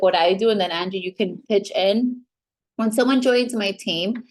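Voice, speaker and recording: A woman in a mid-range voice leads a training talk for new team members in front of a live group. She sounds upbeat and direct. When she quotes people, she briefly acts out their voices. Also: medium pitch.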